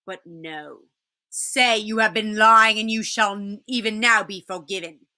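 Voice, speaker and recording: A woman's voice: medium pitch, measured pace, bright, forceful tone. A woman voicing a cruel witch queen who speaks in a commanding, scornful way.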